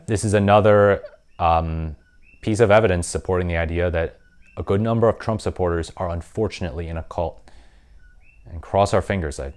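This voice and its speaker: A man's voice: deep voice, a little mellow. A man hosting a political commentary vlog, talking in an opinionated, conversational way with frequent ums. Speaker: political commentary channel host.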